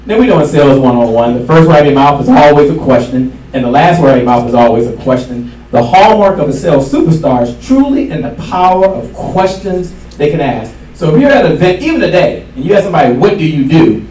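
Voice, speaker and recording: A man giving a live sales seminar to an audience, energetic and repeating his key lines for emphasis. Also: on the high side, fast, hardly any pauses. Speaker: sales trainer. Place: event room with an audience. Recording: echoey room from far off, faint hiss.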